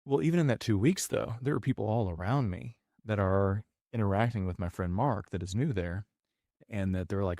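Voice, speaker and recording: A man's voice: on the low side, moderate pace, vocal fry, dark tone, dry recording, clean studio sound. A man telling a long personal story in casual chat, with many restarts and fillers. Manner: rambling, frequent restarts and fillers.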